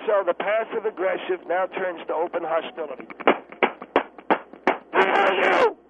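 A man's voice: high voice, a little fast, close to an everyday voice. A man voicing a touchy, defensive male psychologist who phones in, indignant and stammering. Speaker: caller. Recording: tinny phone line with faint hiss.

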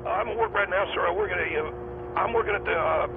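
A man voicing a brash, taunting male mill worker calling a radio show from his loud workplace, stammering and blunt. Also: high-pitched, wildly swooping pitch, quick pace, vocal fry, full character voice. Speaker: caller. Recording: tinny phone line with machine noise.

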